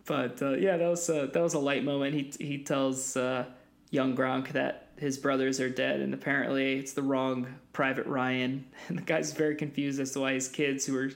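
A man's voice: medium pitch, level tone, moderate pace, creaky. A man co-hosting a movie podcast in casual chat, laid-back, with chuckling asides. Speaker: podcast co-host.

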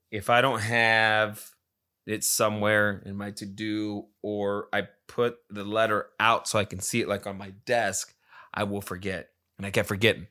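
A man's voice: on the low side, a bit bright. A man with a non-native English accent hosting a casual solo podcast, rambling and swearing with many restarts. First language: not English. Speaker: podcast host.

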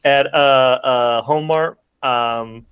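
A man's voice: mid-range voice, very slow, a bit bright, clear, resonant tone, dry recording. A man hosting a casual podcast chat who recaps a movie in a rambling way, full of fillers. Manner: rambling, filler-heavy summarizing. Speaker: podcast host.

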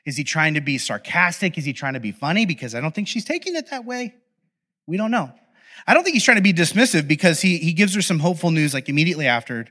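A man preaching a casual, conversational sermon, telling the story in an animated, playful way with lots of asides. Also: a little high, fast. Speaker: pastor.

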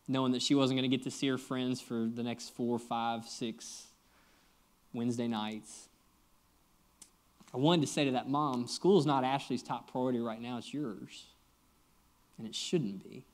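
A man in his thirties preaching a sermon, telling a personal story in an earnest, conversational way and speaking straight to his listeners, with big swings in pitch and volume for emphasis. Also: fairly even intonation, unhurried. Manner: conversational, earnest, addresses the congregation directly. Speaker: pastor.

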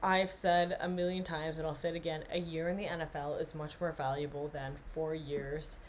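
Lower-voiced young woman rambling sports stats. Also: little pitch movement, moderate pace, a little hiss or hum. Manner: rambling, laughing, reads off stats. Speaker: podcast co-host. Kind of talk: casual tipsy sports chat.

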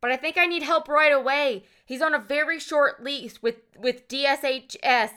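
A woman's voice: fairly high pitch, moderate pace, sharp tone, clear, resonant tone, voice pushed up. A woman voicing a distraught female social worker on an emergency call, stammering and urgent.

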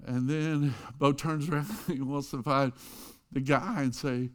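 A middle-aged man preaching a sermon, telling a story and swinging from loud emphasis to hushed quiet lines. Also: mid-range voice, moderate pace. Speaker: pastor.

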